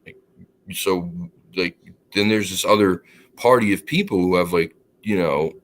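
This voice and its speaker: A man chatting casually on a podcast, telling an anecdote and acting out the dialogue with lively quoted voices. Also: low-pitched, unhurried. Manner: animated, acts out quoted dialogue; laughs while telling the story. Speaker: podcast co-host. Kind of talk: casual storytelling chat.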